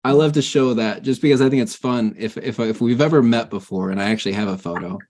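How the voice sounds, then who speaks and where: A man's voice: medium pitch, fast, a little mellow. A man hosting a casual interview, asking friendly questions and chiming in with short agreements. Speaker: interview host.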